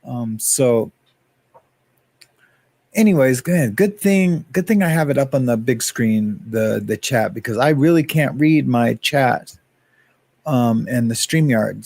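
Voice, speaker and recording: A man's voice: a little high, gravelly, darkish tone, no room sound. Rambling man hosting a casual livestream. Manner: rambling, greets chat viewers by name. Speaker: livestream host.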